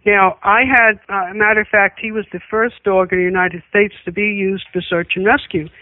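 A woman's voice: medium pitch, steady tone, fairly quick, dry recording. A woman who is a guest on a radio show, calling in and telling matter-of-fact stories about dogs. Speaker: call-in guest, dog trainer. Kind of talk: casual radio chat. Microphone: telephone. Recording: tinny phone line.

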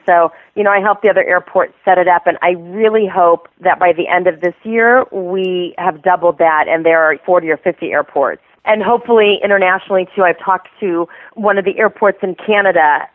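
A woman's voice: fairly low pitch, no room sound. A woman calls in to an interview, bubbly and full of enthusiasm, laughing as she tells her stories. The sound is thin and tinny like a phone line, dry with no room. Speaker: airport therapy dog program coordinator.

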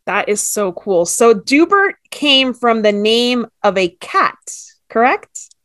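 A woman's voice: on the high side, big pitch swings, slow pace, fairly bright tone. Upbeat woman hosting a talk show. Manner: enthusiastic, effusive. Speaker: podcast host. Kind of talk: casual interview chat.

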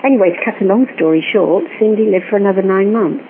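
A woman guest telling a long personal story in an animated way, recorded over a phone line. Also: medium pitch, quick pace. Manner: animated storytelling, acts out quoted voices. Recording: tinny phone line with faint hiss.

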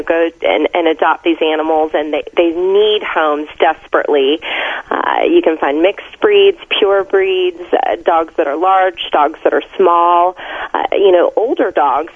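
A woman author being interviewed, talking in an upbeat, enthusiastic, chatty way. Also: lowish voice. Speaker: author and guest. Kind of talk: interview over the phone. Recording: tinny phone line.

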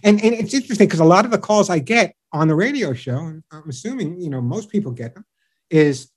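Middle-aged man, pet expert guest; slightly high voice, animated storyteller. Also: quick pace. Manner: animated storyteller acting out owners and dogs. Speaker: pet show radio host and dog trainer, guest. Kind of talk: enthusiastic interview chat.

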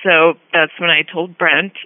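A woman's voice: lowish voice, little pitch movement, a little slow, no echo. A woman calling in as a guest, who talks hesitantly and laughs often. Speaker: guest client. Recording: tinny phone line.

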